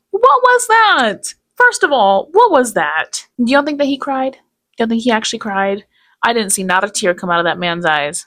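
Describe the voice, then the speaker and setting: A woman's voice: mid-range voice, fairly bright tone, no room sound. A woman talking through her take in casual commentary, blunt and sarcastic. Her voice sits in the middle of the female range. The recording is dry and close, with no room sound. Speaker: commentary YouTuber.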